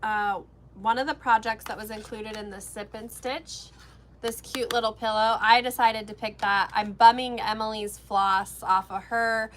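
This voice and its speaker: A woman's voice: on the high side, fairly even intonation, normal speed, a bit bright, a little hiss or hum. A woman co-hosting a casual craft-shop livestream, chatting and laughing while she stitches. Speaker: shop co-host.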